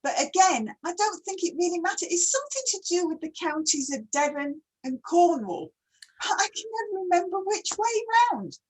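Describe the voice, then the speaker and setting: A woman's voice: extremely high pitch, sing-song, normal speed, darkish tone, rough recording. A woman hosting a casual online chat, who talks readily and keeps asking her guest questions. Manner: chatty, asks many questions. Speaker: host.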